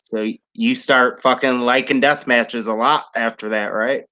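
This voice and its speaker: Bright-voiced podcast host man, quick questions. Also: medium pitch, steady tone, lo-fi sound. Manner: quick, profane questions and laughter. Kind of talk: casual podcast interview.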